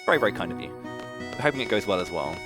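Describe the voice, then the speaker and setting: A man's voice: sits low, very animated, racing. Host guy reading donations, friendly, music in the back. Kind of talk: casual live-stream hosting. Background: game music.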